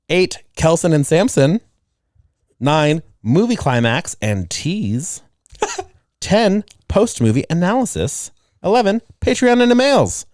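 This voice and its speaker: A man's voice: fairly high pitch, darkish tone, no room sound. A man co-hosting a horror podcast in casual chat, reading things aloud with teasing giggles. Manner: reads a list between giggles, dry and teasing. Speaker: podcast co-host.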